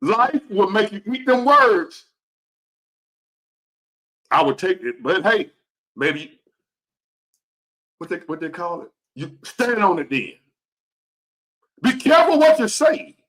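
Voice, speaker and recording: A man's voice: high voice, very animated, slow pace, pauses often, sharp tone. A man in his fifties giving a blunt, profane, preachy motivational rant to the camera. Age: 50s. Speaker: vlogger.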